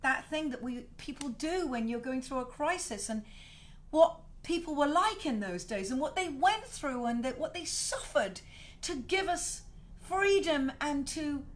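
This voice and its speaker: Middle-aged host, slightly high pitch, rambling, profane, openly emotional. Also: female voice, expressive, unhurried. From South Wales. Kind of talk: casual livestream rant.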